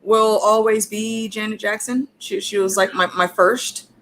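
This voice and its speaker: A woman's voice: medium pitch, steady tone, measured pace. Hesitant woman guest, faint background noise. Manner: hesitant, restarts phrases. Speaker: livestream guest. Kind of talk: casual chat.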